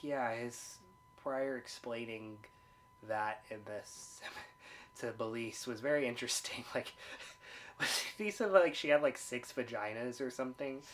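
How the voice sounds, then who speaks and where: Casual co-host: American man, laid-back, swears freely, laughs often, mid-pitched. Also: measured pace, slight background noise. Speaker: podcast co-host. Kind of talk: casual chat.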